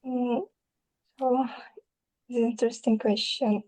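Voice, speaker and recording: A woman who is not a native English speaker, answering test questions over a video call in hesitant, halting English. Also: a little high, steady tone, darkish tone, poor audio. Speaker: IELTS candidate.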